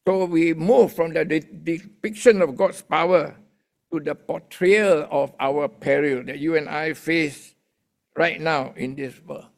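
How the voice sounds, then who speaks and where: A man's voice: a little high, fairly even intonation, takes it slowly, vocal fry. A male pastor preaching a sermon in a chatty way, often restarting his sentences and getting the congregation to talk to their neighbors.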